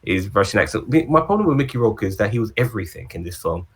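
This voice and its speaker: A man's voice: fairly low pitch, very animated, fast, slightly rough. A man co-hosting a casual movie-ranking chat, rambling with ums and restarts. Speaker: podcast co-host.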